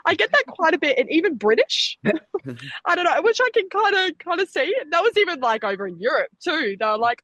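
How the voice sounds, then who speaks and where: A young Australian woman in her twenties, chatting casually as an athlete guest, quick and talkative with frequent laughter. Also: extremely high pitch, sing-song, fairly bright tone, no room sound, poor audio. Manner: chatty, laughs often, fast bursts. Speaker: Olympic sprinter, guest. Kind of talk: casual interview chat.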